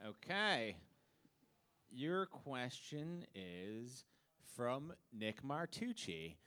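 Bright-voiced male comedy host. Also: medium pitch, sing-song, drawn-out words. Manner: upbeat, announcing. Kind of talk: live game-show hosting. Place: comedy club stage.

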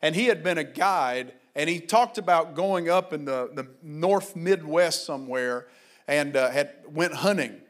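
Male pastor, high pitch, fervent sermon delivery with shouted peaks. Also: expressive, a little slow. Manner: fervent, rising to shouted exhortations, then quiet storytelling.

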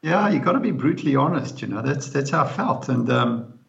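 A man's voice: mid-range voice, expressive, fairly quick, vocal fry. A man speaking as an interview guest, telling his story in a blunt, frank way and often tagging his remarks with "eh?". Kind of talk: candid storytelling in conversation. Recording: roomy, dull lo-fi sound.

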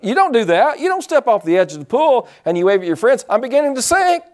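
A male pastor preaching a sermon, animated, acting out quotes and calling for responses from the congregation. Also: very high voice, quick pace.

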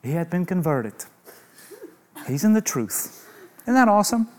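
Slow, emphatic man preaching a sermon. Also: high-pitched, sing-song, a little mellow. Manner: emphatic, with rhetorical questions and humorous asides.

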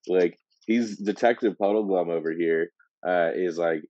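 A man's voice: low voice, unhurried, mellow, dry recording, highs cut off. A man co-hosting a casual book discussion, rambling and acting out characters in funny voices. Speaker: podcast co-host.

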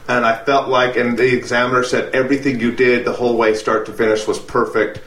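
A man telling a lively story on a casual aviation podcast, laughing and restarting as he goes. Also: mid-range voice, brisk, echoey room. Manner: animated storyteller, restarts and laughs through lines. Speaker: podcast co-host.

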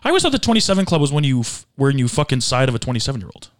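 Guy hosting a podcast, mid pitch, jokey loose banter. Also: sing-song, racing. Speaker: podcast host. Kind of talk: casual chat.

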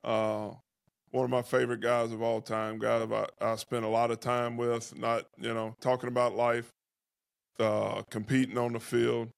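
A man's voice: medium pitch, monotone, normal speed, vocal fry, dry recording, clean studio sound. A man in his forties hosting a casual podcast interview, trading laid-back, teasing banter with a friend. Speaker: podcast host, former NFL player.

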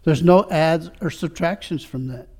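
A man with a high voice preaching a sermon. He asks his listeners rhetorical question after rhetorical question, dropping into quiet, reflective stretches and then building back up to fervent declarations. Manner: swings between quiet reflection and rising fervor. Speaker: pastor.

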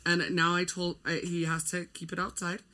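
A woman's voice: lowish voice, monotone, fairly quick, pushed and bright. A young woman co-hosting a casual chat, telling stories in a playful, giggly, rambling way.

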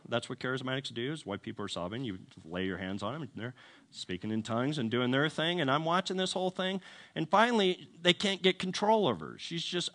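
A man telling a story in a sermon, humorous and self-deprecating, acting out the voices of the people in it. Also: fairly high pitch. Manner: animated storytelling, acts out quoted voices. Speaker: preacher.

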